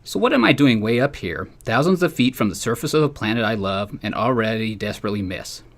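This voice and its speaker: A man, a sports writer, reading a humorous newspaper column aloud with wry, deadpan delivery. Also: lowish voice, fast, creaky.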